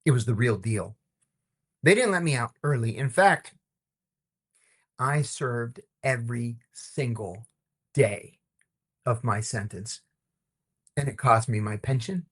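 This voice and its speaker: A middle-aged man, a former intelligence officer, telling stories in an interview with a lively, wry delivery. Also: medium pitch, slow pace, long pauses, husky. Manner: lively, wry, acts out the people in his stories. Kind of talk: animated storytelling in an interview.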